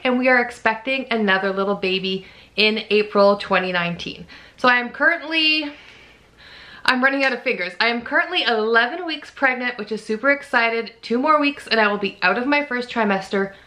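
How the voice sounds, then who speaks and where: Bright chatty woman vlogging. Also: a little high, normal speed. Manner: chatty and emotional, laughs often. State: fatigued. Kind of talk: casual pregnancy vlog.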